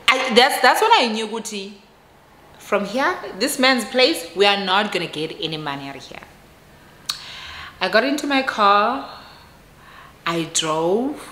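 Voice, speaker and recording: A woman with a South African accent telling a personal story in a casual vlog, expressive and mixing English with Xhosa. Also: medium pitch, reverberant. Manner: expressive, switches between English and Xhosa, laughs at herself.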